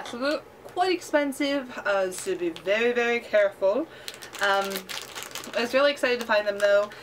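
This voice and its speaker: A woman vlogging a toy unboxing in a casual, gushing, excitable chat at her desk. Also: mid-range voice, noisy background. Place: desk at home.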